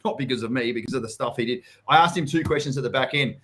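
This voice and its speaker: A man's voice: medium pitch, rapid-fire, a bit bright. A man in his thirties with an Australian accent, hosting a live property chat in a casual, blunt way and swearing freely. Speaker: host, property coach.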